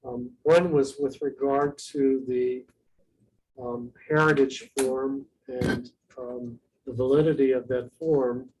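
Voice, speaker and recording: A man, a school official at a board meeting, answering questions in a measured, hesitant way with many pauses and ums. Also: medium pitch, fairly even intonation, darkish tone, recorded from a distance, a little hiss or hum, poor audio. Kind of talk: meeting remarks.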